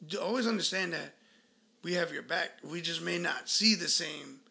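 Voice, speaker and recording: High, gravelly laid-back man. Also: moderate pace, sharp tone. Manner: laid-back, easygoing agreement. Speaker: podcast co-host, father. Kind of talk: casual chat.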